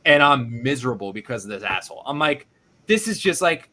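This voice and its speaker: A male podcast host telling a casual, animated story, swearing freely and acting out his own reactions. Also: medium pitch, fairly quick.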